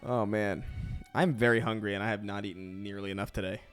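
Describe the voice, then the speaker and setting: A young man chatting casually while gaming on stream, thinking out loud in a chatty way. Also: on the low side, steady tone, brisk, clear, resonant tone, faint music behind.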